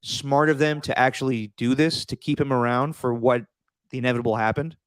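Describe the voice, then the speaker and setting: A man talks sports in a casual podcast chat, earnest and emphatic. His voice is smooth and resonant, at a middle pitch, and the recording is dry and close. He stumbles over and repeats words when he gets worked up. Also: fairly even intonation, fairly quick, no echo. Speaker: podcast co-host.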